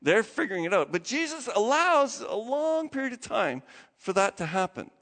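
A man's voice: sing-song, normal speed, a bit bright. A man preaching a sermon in a conversational way, acting out the quotes he tells. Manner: conversational, acts out quotes with big pitch jumps. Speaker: pastor. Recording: reverberant hall.

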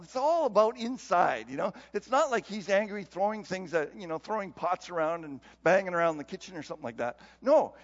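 Man preaching, high lively voice, chuckling, muffled church echo. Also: gravelly. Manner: animated, laughs often, acts out quotes. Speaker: pastor. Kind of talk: conversational sermon. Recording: dull sound with long hall reverb.

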